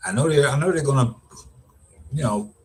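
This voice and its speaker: A man's voice: mid-range voice, normal speed, slight background noise. A middle-aged man, an educator, giving casual, rambling commentary with lots of restarts and repeated words. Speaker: vlogger, educator.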